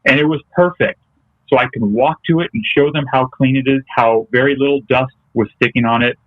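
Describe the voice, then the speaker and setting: A man's voice: medium pitch, fairly even intonation, fairly quick, no echo. Hesitant male guest on a tinny line. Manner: hesitant, with many ums and restarts. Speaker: interview guest, detailing business owner. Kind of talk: casual interview chat. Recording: tinny, phone-like remote call audio.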